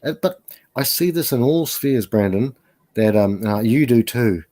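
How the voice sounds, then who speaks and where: A man's voice: mid-range voice, animated, unhurried, dark tone. A man talking as a guest on a casual live stream, rambling and hesitant with lots of fillers.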